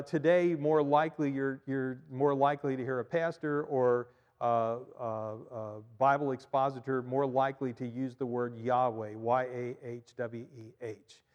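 A man preaching a sermon in a church, animated, often repeating and stressing his points, with frequent fillers. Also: mid-range voice, measured pace, long reverb tail, lo-fi sound. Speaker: pastor.

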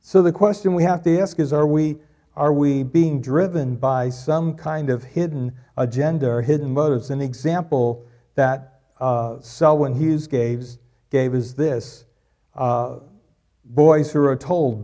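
A man's voice: mid-range voice, unhurried, warm tone. A middle-aged man preaching a sermon, repeating key lines for emphasis and joking with the congregation. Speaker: pastor.

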